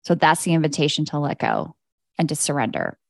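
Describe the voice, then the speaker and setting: A lively woman hosts a casual podcast monologue with a slightly low voice. She is candid, swears freely and laughs often, and the sound is dry and close. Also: brisk, no echo. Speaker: podcast host and energy coach.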